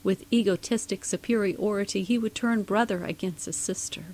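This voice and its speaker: A woman's voice: mid-range voice, fairly even intonation, moderate pace, darkish tone, poor audio. A woman narrating a rhyming storybook poem in a sing-song delivery.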